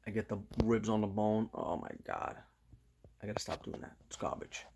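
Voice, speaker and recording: New guy in his 50s just talking to his viewers, animated storyteller, loud when he gets going. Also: lowish voice, normal speed, gravelly, a little hiss or hum. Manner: animated storyteller, slips into loud quoted voices. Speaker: vlogger. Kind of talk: casual chat to camera.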